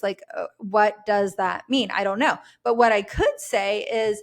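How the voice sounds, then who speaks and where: Measured woman parenting expert. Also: fairly high pitch. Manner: measured, explanatory, frequent "like" fillers. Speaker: podcast guest, parenting educator and author. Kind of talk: explanatory podcast conversation.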